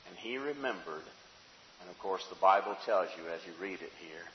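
Male preacher, dramatic storytelling sermon, hushed to fervent, roomy echo, dull lo-fi sound. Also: sits low, lively intonation, moderate pace, slight background noise. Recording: echoey hall, dull sound.

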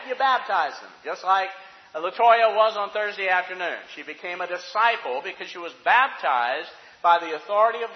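A man preaching a sermon, emphatic and full of rhetorical questions, in a church sanctuary. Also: high voice. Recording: dull, echoey hall recording.

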